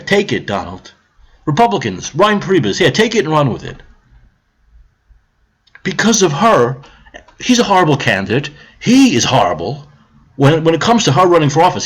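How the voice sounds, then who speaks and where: A man's voice: sits high, husky. A man ranting on a live stream about politics, heated, sarcastic and profane, repeating his points.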